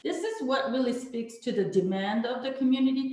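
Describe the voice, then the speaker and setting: A woman's voice: high voice, quick pace, dark tone. A woman hospital executive walking through slides during an online presentation, in an explanatory manner. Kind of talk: presentation on a video call. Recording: very echoey room.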